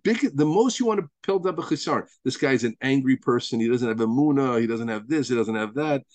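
A man's voice: medium pitch, animated, brisk, darkish tone, no room sound. A rabbi giving a Torah lesson to a study group, emphatic and repeating words as he builds each point, with Hebrew and Yiddish terms mixed into his teaching.

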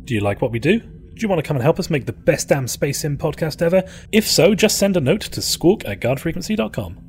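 A man's voice: a little high, sing-song, quick pace, a little hiss or hum. A man co-hosting a podcast, reading promos with dry, joking asides. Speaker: podcast co-host.

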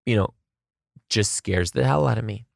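A lowish, gravelly man spins funny tales from his kindergarten classroom, quick with self-mocking jokes and dramatic asides. His voice sits dry and close to the mic, with no room sound around it. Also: no echo. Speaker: kindergarten teacher. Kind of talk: comedic storytelling vlog.

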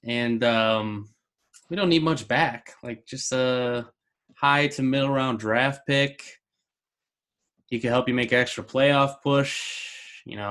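A man's voice: mid-range voice, fairly bright tone. A man co-hosting a casual sports talk show, laid-back and chatty. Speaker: co-host.

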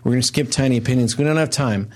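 A man's voice: mid-range voice, rapid-fire. A man hosting a comedy podcast, rambling and hesitant with many ums in casual banter.

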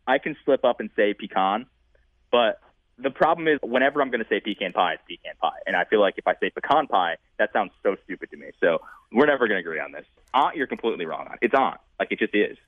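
A man's voice: medium pitch, lively intonation, fast, dry recording. Opinionated man over a tinny line. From Northeast US. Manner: emphatic, opinionated, laughs often. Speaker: podcast co-host. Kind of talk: casual chat.

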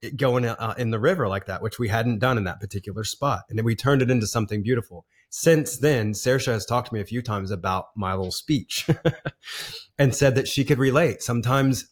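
A man's voice: medium pitch, brisk. A man in his forties, a podcast guest, telling a personal story in a casual, earnest way with frequent laughs and restarts.

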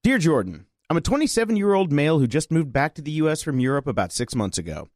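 A man co-hosting a podcast, reading listener letters aloud in an expressive, animated way. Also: fairly high pitch, quick pace, dry recording, studio quality.

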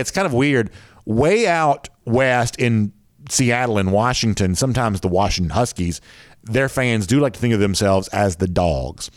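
A Southern man with a fairly low voice hosts a sports show in loose, chatty fashion. He rambles and pads his talk with fillers. The sound is dry and close. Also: dry recording. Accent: Southern American.

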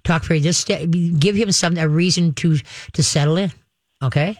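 A man's voice: on the high side, normal speed, dry recording. A man hosting a call-in pet advice show, folksy and reassuring, rambling with frequent restarts. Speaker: pet advice radio host.

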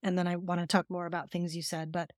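A woman's voice: lowish voice, level tone, fast talker, no room sound, studio quality. A middle-aged woman therapist speaking earnestly and emphatically as a podcast guest, telling stories and explaining. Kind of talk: conversational podcast interview.

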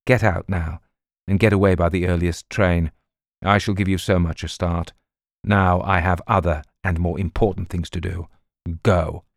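A man voicing a cool, commanding English gentleman in an audiobook reading. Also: low voice, fairly even intonation, normal speed, creaky, dry recording, studio quality. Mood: curt.

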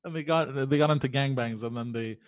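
A man on a podcast telling a story haltingly, restarting and repeating words, and answering with short denials. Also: mid-range voice, no echo. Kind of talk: casual storytelling chat.

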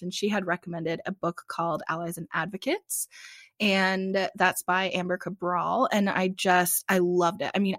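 A woman's voice: lowish voice, fairly bright tone, no echo, studio quality. A woman co-hosting a podcast, chatting casually and filling her talk with lots of "like" fillers. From Arizona transplant. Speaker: podcast co-host. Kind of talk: casual chat.

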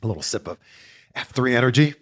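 Lively chatty man answering fan questions. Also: mid-range voice, fast talker. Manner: lively, laughs often, chatty storytelling. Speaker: host of a wrestling Q&A show.

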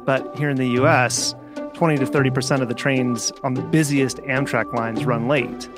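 A man hosting a podcast, reading a scripted introduction and then asking his guest questions in a measured, articulate way. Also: mid-range voice. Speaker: podcast host.

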